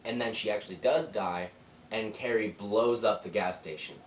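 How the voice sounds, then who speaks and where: A man's voice: lowish voice, normal speed, a little hiss or hum. A young man casually retelling a movie plot for a review, rambling through the scenes and quoting the characters. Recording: roomy, distant mic with faint ambience.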